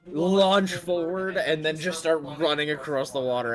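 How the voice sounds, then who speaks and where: A man playing a tabletop role-playing game, telling his character's actions in a lively way. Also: on the high side, a little fast, hardly any pauses, over music. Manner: storytelling, acts out his character. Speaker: player. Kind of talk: tabletop role-play chat.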